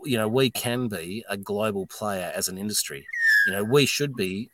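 Heavy background noise surrounds this fairly low-pitched, moderately paced voice: a middle-aged Australian man who owns a distillery. He's a guest in a casual podcast interview, telling animated stories bluntly and swearing along the way.

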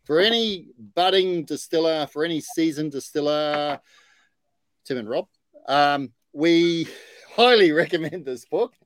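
A man's voice: on the high side, unhurried, no echo. A man hosting a casual podcast chat, boisterous and enthusiastic. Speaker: podcast host.

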